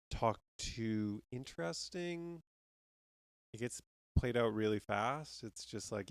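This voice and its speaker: A man's voice: mid-range voice, animated, slow pace, long pauses, no room sound, studio quality. A man hosting a podcast, ranting casually about baseball with heavy swearing and rambling restarts. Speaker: podcast host. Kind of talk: casual sports rant.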